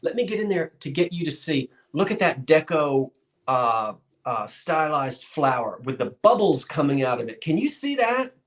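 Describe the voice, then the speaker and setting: A folksy man runs a live online auction as a streamed sale, chatting casually and wandering into small asides. His voice is somewhat high for a man, very animated, at a normal speed, and the sound rings with noticeable room echo.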